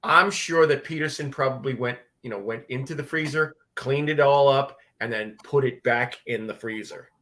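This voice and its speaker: A man's voice: mid-range voice, normal speed, hardly any pauses, bright, forceful tone. A man co-hosting a podcast, making brief laid-back remarks over a video call. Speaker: podcast co-host. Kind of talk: casual commentary chat.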